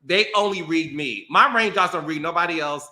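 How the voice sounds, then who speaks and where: A man hosting a podcast, chatting playfully and laughing often, then turning slow and emotional. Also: fairly high pitch, sharp tone, reverberant. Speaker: podcast host. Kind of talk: casual chat.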